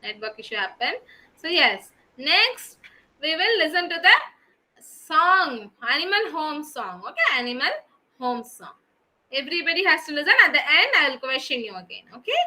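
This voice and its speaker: A kindergarten teacher, her voice very high and bright, patiently quizzing little ones by name. She speaks in a slow, encouraging classroom way during an online lesson. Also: sing-song. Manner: patient, questioning children by name.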